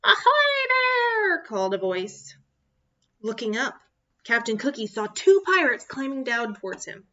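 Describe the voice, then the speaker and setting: A woman reading a children's picture book aloud in an expressive, animated way. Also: on the high side, normal speed, dull audio. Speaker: storyteller.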